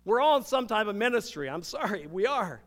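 An older male pastor preaches with a high voice that rings out into a reverberant church hall. He swings between loud, emphatic declarations and hushed, intimate passages. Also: big pitch swings, a little fast. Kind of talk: sermon. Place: church sanctuary.

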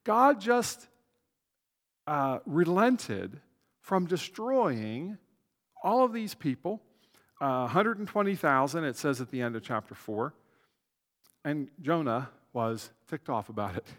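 A man's voice: a little high, big pitch swings, slow pace, pauses often, fairly bright tone, in a large hall. A man pastor giving a conversational sermon, with asides and self-corrections.

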